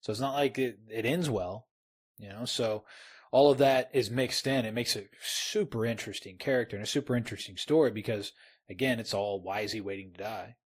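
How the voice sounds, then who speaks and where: Husky man, enthusiastic book chat. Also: lowish voice, a little fast. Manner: enthusiastic, repeats words, says "man". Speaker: podcast co-host. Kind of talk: casual book discussion.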